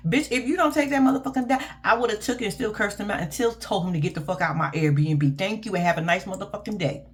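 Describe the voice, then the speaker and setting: A woman's voice: medium pitch, fast talker. A woman, casually ranting through a blunt, profane reaction recap as a show host.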